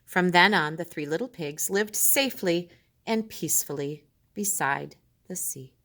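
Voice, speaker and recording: A woman reads a children's story aloud in a bright, clear voice and stops now and then for chatty remarks to her listeners. Her pitch sits a little low for a woman. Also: measured pace. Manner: chatty asides between the reading. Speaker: storyteller reading a picture book aloud.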